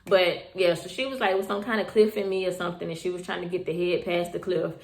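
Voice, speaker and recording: A young woman tells her story straight to the camera in a relaxed, chatty way, circling back and repeating herself as she talks to viewers. Her voice sits on the low side. The room around her is bare and echoey. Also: fast talker. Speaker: mother telling her birth story.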